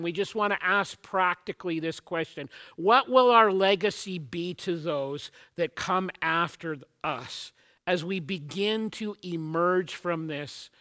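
A man's voice: sits high, fairly bright tone. A man pastor delivering a sermon, earnest and teaching, opening with a joke story before addressing his congregation. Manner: earnest, storytelling opener then teaching, occasional restarts.

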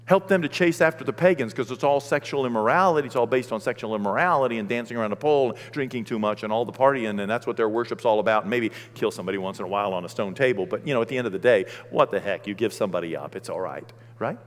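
A man preaching a sermon, animated, swinging between loud outbursts and hushed, gentle talk. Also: medium pitch, fast, hardly any pauses, long reverb tail.

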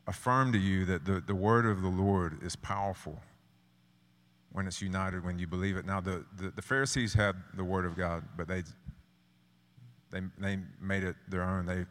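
A man from South Georgia with a Southern accent preaching a sermon, earnest and halting with many restarts. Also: sits low, fairly even intonation, a bit bright, in a large hall.

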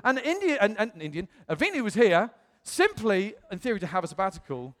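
A British man preaching a sermon, telling a story with animated acted-out dialogue. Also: sits high, brisk, big-room sound. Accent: British English. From England. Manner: animated, acts out quoted voices. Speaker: pastor.

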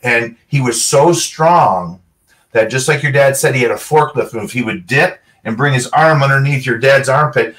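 A middle-aged man, a former pro football player, telling animated stories as a guest and acting out other people's lines. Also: medium pitch, moderate pace. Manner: animated anecdotes, acts out quotes. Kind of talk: storytelling interview. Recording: voice a bit far from the mic.

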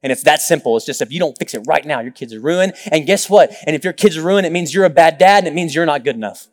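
A young male pastor delivers a sermon with a noticeably high voice. He tells personal stories, acts out quotes and tosses in joking asides. The sound rings with the long reverb of a large church hall. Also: fast talker.

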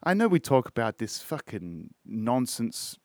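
An Australian man hosting a podcast rants in casual chat, swearing constantly and repeating words. His medium-pitched, darkish voice is very animated yet a little slow, captured on a dry, studio-quality recording.

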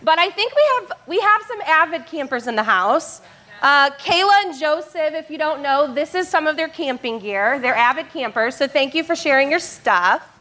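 A high, bright woman speaks from a church stage. She leads a family service in a playful way, laughs often and calls out to the crowd. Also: lively intonation, normal speed. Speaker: children's church teacher leading family service. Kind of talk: lively family sermon talk.

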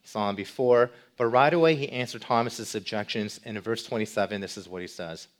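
A male pastor giving a sermon, asking rhetorical questions and moving between loud emphasis and quiet, low passages. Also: fairly quick. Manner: animated, swings between loud emphasis and soft low delivery.

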